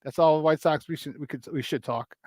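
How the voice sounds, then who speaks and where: A man hosting a morning sports show, talking in a quick, slangy rush. His voice sits a bit high for a man and comes through dry and close-miked. He stays lively, greets chatters by name, and laughs easily between points. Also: dry recording. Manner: energetic, slangy, greets chat viewers by name, laughs often. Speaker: sports talk show host. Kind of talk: casual morning sports chat.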